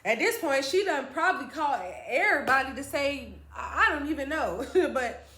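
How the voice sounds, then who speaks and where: A woman vlogger telling a personal story in a casual, animated, slangy way, talking straight to her viewers. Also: high-pitched, normal speed. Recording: roomy echo.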